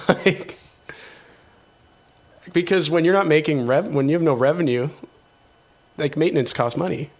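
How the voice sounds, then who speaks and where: A man hosting a casual podcast chat about theatre work, talking in an animated way and laughing often. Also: fairly high pitch, a little slow, long pauses. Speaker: podcast host, theatre technician.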